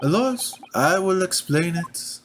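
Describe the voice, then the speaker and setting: A man's voice: high-pitched, lively intonation, slow pace, fairly bright tone, faint music behind, pitched above the performer's own voice, exaggerated voice. A man voicing a pompous young French nobleman schemer with a put-on French accent. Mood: stern. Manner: grandiose, theatrical.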